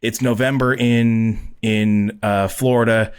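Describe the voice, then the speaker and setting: A man guest on a podcast, telling a story casually, swearing a lot and acting out quotes loudly. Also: on the low side, steady tone, takes it slowly, clean tone. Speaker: podcast guest, pro bodybuilder.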